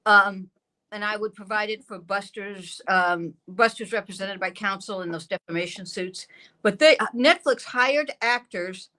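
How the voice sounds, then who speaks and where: A woman's voice: a little high, bright, forceful tone, rough recording. A woman interviewing a guest in an emphatic way. She presses him with repeated questions. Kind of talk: conversational interview.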